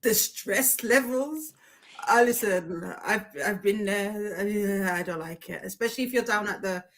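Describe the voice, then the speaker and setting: A woman co-hosting a reading stream, chatting casually in a relaxed, rambling way. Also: medium pitch, a little slow. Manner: relaxed, rambling, self-correcting. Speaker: co-host of a reading sprint stream. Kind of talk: casual chat.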